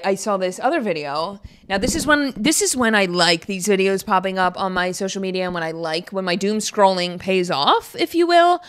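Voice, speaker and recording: Chatty young woman podcast host. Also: clean tone. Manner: chatty, rambling storyteller with many fillers; animated, jumps in pitch when excited. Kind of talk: casual chat.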